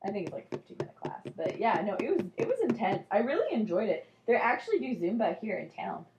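A woman's voice: mid-range voice, big pitch swings, fast, vocal fry, reverberant, noisy background. A woman in her thirties co-hosting a podcast, chatting casually and teasing with lots of laughter. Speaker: podcast co-host. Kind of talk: casual chat.

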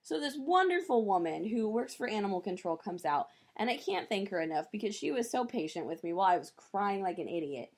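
An animated woman co-hosting a podcast, telling stories in a loose, casual chat. She swears freely and acts out the people in her stories. Her voice sits at an ordinary middle pitch. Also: a little fast, few pauses. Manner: animated storyteller who acts out the people she quotes, with profanity. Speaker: podcast co-host.

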